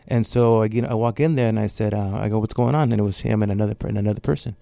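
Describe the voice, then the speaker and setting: A man's voice: on the low side, fairly even intonation, very fast, gravelly, dark tone, dry recording. A man in his fifties from California's Central Valley, an artist telling his life story as a guest in a casual interview, rambling and acting out the dialogue he quotes. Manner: rambling, acts out quoted dialogue, frequent restarts. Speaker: guest, artist and art teacher.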